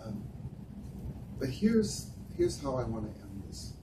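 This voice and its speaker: A man gives an earnest, unhurried talk, pausing often, his pitch rising and falling with lively expression. He is heard from a distance in an echoey room. Steady background noise runs underneath him. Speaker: speaker addressing volunteers. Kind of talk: reflective talk with personal stories.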